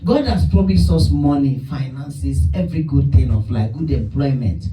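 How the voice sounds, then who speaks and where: A man preaching a sermon who tells stories in an animated way and acts out the people in them. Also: mid-range voice, normal speed. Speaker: pastor. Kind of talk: sermon with storytelling. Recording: roomy sound from a distant mic.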